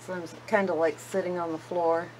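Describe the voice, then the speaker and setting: A woman's voice: on the low side, little pitch movement, fairly quick, a little mellow, a little hiss or hum, rough recording. A woman giving a casual tour of her houseplants in her living room, chatty and gushing, often trailing off mid-sentence. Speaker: plant vlogger.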